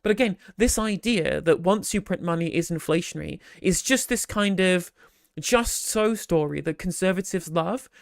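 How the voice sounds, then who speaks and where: Speaking at a moderate pace with vocal fry in a mid-range voice, this live stream host offers casual, animated commentary into a close microphone. The talk rambles, with lots of restarts and sarcastic side comments, and the recording is dry.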